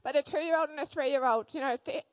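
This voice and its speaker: Lively woman telling sermon stories. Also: sits high, brisk, no room sound, rough recording. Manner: animated storytelling with fillers. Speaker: church speaker.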